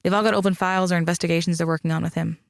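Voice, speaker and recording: Man narrating wry young woman coroner, quick and teasing, gravelly edge, dry close sound, audiobook. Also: on the high side, fairly even intonation, no room sound.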